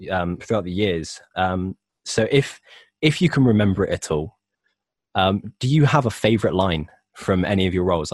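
A man's voice: low voice, darkish tone, no echo, clean studio sound. A nineteen-year-old man hosting a podcast interview, asking questions in an eager, easygoing way. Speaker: podcast host. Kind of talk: casual interview.

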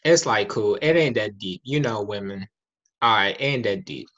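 A man's voice: lowish voice, normal speed, a bit bright, highs cut off. A man in casual chat, speaking candidly in a rambling, slangy way.

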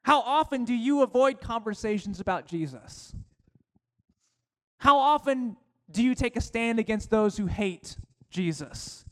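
A male pastor preaching a sermon, slowing down to stress key phrases. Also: lively intonation. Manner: preaching with slowed, emphatic phrases and dropping to a low voice for quotes.

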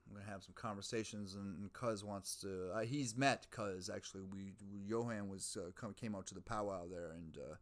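A podcast host with a fairly low voice talks in a loose, rambling way. He swears freely and thinks out loud. He mocks himself as he goes. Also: moderate pace, few pauses. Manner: rambling, profane, self-mocking, muses aloud. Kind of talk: casual rambling monologue.

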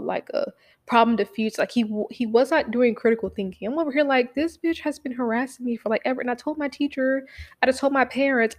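A young woman casually telling a story, swearing freely and acting out what people said in lively bursts. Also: medium pitch. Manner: animated, profane, acts out quotes.

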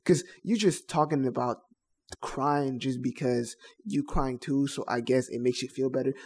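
A man's voice: mid-range voice, steady tone, moderate pace, a little mellow, breathy edge. A young man co-hosting a casual podcast, talking bluntly in heavy slang and repeating phrases for emphasis. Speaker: podcast co-host.

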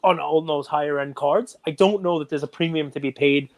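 Guy on a podcast getting all fired up, kinda high voice. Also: a little fast. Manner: animated, gets worked up and loud. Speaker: podcast co-host. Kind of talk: casual podcast talk.

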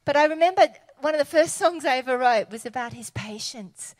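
A woman preaching a sermon in an animated, conversational, enthusiastic way. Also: sits high, fairly quick, no echo.

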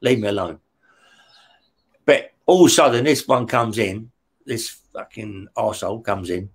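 A man telling stories as an interview guest, blunt and rough-spoken, swearing heavily and tagging his lines with "yeah?". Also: lowish voice, normal speed. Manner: heavy swearing, frequent "yeah?" tag questions. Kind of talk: casual storytelling.

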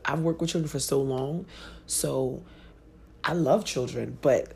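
A woman's voice: a bass voice, measured pace, gravelly, darkish tone, a little hiss or hum. A woman in her thirties hosting a podcast, telling a personal story in a frank, profane way and laughing easily. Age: 30s. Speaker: podcast host.

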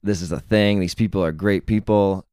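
A man's voice: low voice, fairly even intonation, normal speed, mellow, smooth, no echo, clean studio sound. A young man, a band member guest, talking casually and laid-back, swearing and acting out quotes. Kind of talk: casual interview chat.

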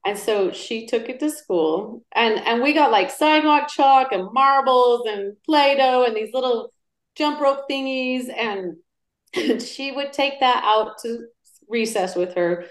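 A middle-aged woman, a podcast guest, chatting casually and telling lively stories. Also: a little high, a little slow. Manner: animated storyteller. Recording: roomy echo.

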